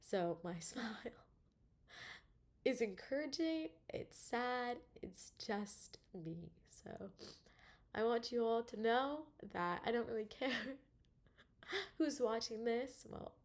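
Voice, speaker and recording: A woman's voice: a little high, expressive, takes it slowly. Tearful young woman with nervous laughs. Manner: tearful, laughs nervously between words, many fillers. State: emotional, close to tears. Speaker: vlogger. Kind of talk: personal video diary.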